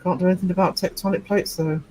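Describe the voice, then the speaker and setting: A man's voice: sits high, fairly even intonation, fast, darkish tone, a little hiss or hum, rough recording. A middle-aged man hosting a casual livestream, rambling chattily through stories and replies to his chat. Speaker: livestream host.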